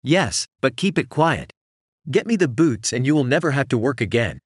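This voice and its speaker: Sly scheming storybook cat, read by a male narrator, lively, dry mic. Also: mid-range voice, moderate pace, husky, dry recording. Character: clever, cheeky talking cat in boots.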